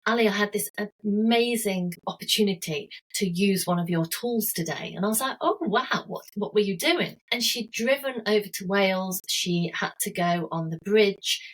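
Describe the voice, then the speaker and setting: A woman's voice: mid-range voice, poor audio. A woman, a health coach guest, talking earnestly and telling stories with everyday examples in a conversational interview.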